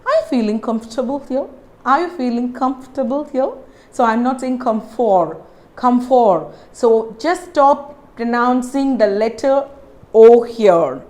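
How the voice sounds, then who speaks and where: A woman with an Indian English accent teaching pronunciation, repeating words slowly and checking in with her viewers. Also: sits high, darkish tone. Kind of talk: pronunciation lesson.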